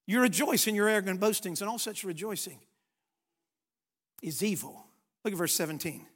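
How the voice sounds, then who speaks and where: A man preaching a sermon, telling a story dramatically and reading scripture with emphatic swings from hushed to loud. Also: sits high, animated, normal speed, long pauses, breathy edge.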